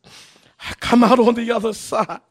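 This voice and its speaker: A man preaching a sermon in a chanting, repetitive cadence, often rising into shouts and sing-song. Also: extremely high pitch, level tone, measured pace. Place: church.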